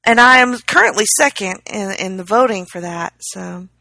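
A woman's voice: mid-range voice, animated, normal speed, gravelly, bright, forceful tone, dry recording. A woman co-hosting a podcast in casual chat, making wry jokes. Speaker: podcast co-host.

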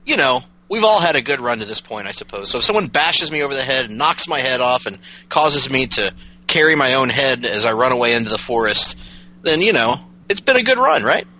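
Bright, lively joking man hosting a podcast. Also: medium pitch, brisk, poor audio. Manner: joking, playful, bursts of laughter. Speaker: podcast co-host. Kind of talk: casual comedic podcast chat.

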